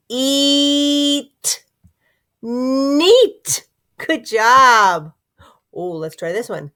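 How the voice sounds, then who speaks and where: Slow, soft-spoken woman phonics teacher. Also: on the high side. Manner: slow, drawn-out, encouraging, sounding out words. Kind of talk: phonics lesson for young children.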